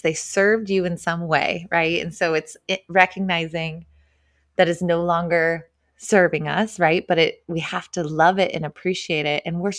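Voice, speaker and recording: A woman's voice: fairly low pitch, dry recording, studio quality. A woman talking as a podcast guest in an earnest, emotionally open way, dropping frequent "like" and "right?" as she reflects. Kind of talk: casual podcast chat.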